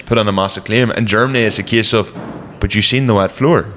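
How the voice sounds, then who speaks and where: Man, lowish voice, podcast host, loose casual chat, long reverb. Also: fast talker, fairly bright tone, a little hiss or hum. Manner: fills talk with "like", laughs easily.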